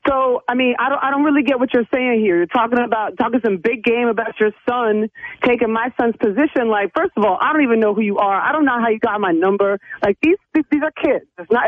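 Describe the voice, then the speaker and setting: Mad mom yelling over a dry tinny phone line, high voice, cussing. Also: female voice, no echo. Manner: indignant, cursing, rapid retorts. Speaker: prank call target, mother. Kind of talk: heated phone argument.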